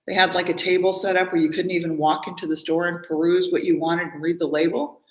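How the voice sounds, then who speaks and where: A woman's voice: on the low side, level tone, fast talker, hardly any pauses. A woman in a casual live stream monologue, talking at length in a rambling, emphatic way and often repeating her words. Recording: roomy echo.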